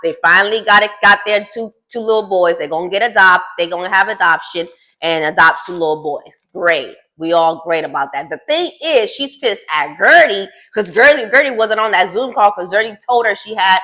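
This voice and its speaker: A woman's voice: medium pitch, moderate pace, pushed and bright. A woman recapping a reality show in a casual gossip style, sassy and teasing as she talks straight to the cast.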